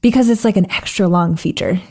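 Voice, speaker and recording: A woman's voice: lowish voice, a little fast, mellow. A woman filmmaker talking casually as a podcast guest, chatty and laughing often, often trailing off mid-sentence.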